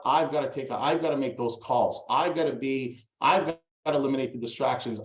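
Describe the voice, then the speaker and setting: A man's voice: medium pitch, roomy sound, rough recording. A man from Toronto, a real estate coach, telling a personal story in a motivational style and acting out remembered dialogue with stammered restarts. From Toronto, Canada.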